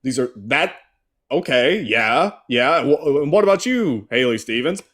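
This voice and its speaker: A man's voice: mid-range voice, lively intonation, a little slow, a bit bright. A man hosting a casual political chat, ranting and swearing, and sometimes mocking people in put-on voices. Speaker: host.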